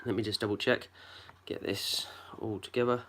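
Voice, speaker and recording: Chatty bright-voiced man. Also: fairly low pitch, level tone, normal speed. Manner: chatty, greets commenters by name, jokey. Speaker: geocaching livestream host. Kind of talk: casual live-stream chat. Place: at home. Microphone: phone.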